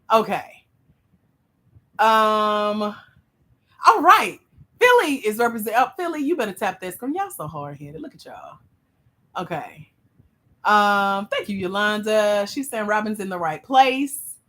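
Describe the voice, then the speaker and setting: A woman with a Southern US accent hosting a livestream, teasing and hyping up her viewers in playful, animated chat. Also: mid-range voice. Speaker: livestream host and grant mentor.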